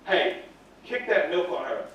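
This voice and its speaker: A man's voice: high voice, fast talker, muffled recording, natural voice. A man voicing his pushy preschool best friend in a story told on stage. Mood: egging on. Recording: echoey hall from far off.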